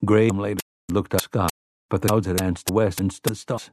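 Low-voiced man narrating an audiobook. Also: fairly even intonation, brisk, background noise. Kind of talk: scripted narration.

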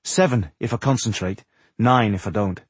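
A man doing an earnest husky dwarf smith. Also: on the low side, moderate pace, dry recording. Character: young male dwarf smith, earnest and practical.

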